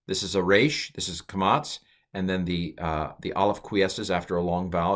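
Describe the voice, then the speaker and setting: A middle-aged man teaching from slides in a loose, talky way. His voice sits a bit low but leaps high when he stresses a point, and he wanders into side remarks with plenty of ums and uhs. It sounds like a desk microphone recording. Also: fairly bright tone. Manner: chatty and digressive, many uh and um fillers, stress jumps to high notes. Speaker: Hebrew teacher. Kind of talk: casual recorded lecture over slides.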